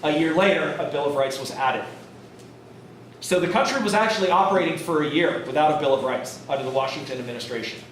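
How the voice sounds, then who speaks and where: A man's voice: fairly high pitch, quick pace, distant mic, slight background noise. Joking male lecturer in an echoey classroom. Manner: casual and jokey, acting out historical figures. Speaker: college history lecturer. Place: college classroom.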